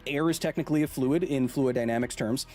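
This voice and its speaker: A man's voice: mid-range voice, quick pace, darkish tone, soft background music. Playful man chatting on a live stream. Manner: playful, joking, reads chat aloud. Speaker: host. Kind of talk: casual live-stream chat.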